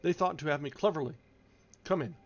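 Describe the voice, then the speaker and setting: A man voicing a pompous, self-important gentleman magistrate who speaks with indignant outrage. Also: a little high, fairly quick, close to an everyday voice. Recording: dull lo-fi recording.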